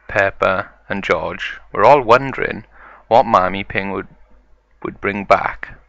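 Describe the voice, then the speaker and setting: A man narrating a story acted out with toys, in a slow, gravelly way. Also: deep voice, a bit bright, no room sound. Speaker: toy video narrator. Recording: dull lo-fi sound.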